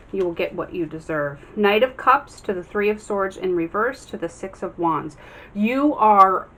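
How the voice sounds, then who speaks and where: Woman tarot reader, casual, encouraging, mid pitch. Faint background noise. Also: fairly bright tone. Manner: earnest, encouraging, many ums and restarts.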